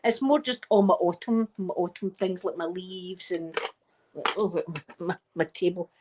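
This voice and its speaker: A middle-aged Scottish woman in soft-spoken casual chat, rambling warmly as an ASMR host. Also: fairly low pitch, fairly even intonation, a little slow, very noisy. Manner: chatty and rambling, with frequent wee and laughter.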